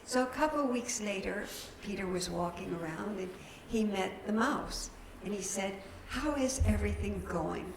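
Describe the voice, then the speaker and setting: A woman's voice: medium pitch, moderate pace, gravelly, hardly any pauses. A woman minister, giving a chatty, folksy sermon in a church. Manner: chatty, folksy, laughing at her own slips. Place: church sanctuary. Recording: roomy church hall with background noise.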